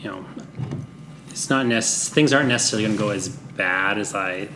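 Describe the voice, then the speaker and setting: A man's voice: lowish voice, a little fast, background noise. A middle-aged man hosting a podcast in casual chat, rambling and hesitant, laughing often. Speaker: podcast host.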